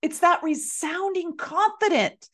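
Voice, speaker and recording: A woman's voice: very high voice, measured pace. A woman hosting a podcast, telling a personal story in an earnest, emphatic way and repeating phrases for effect. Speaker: podcast host.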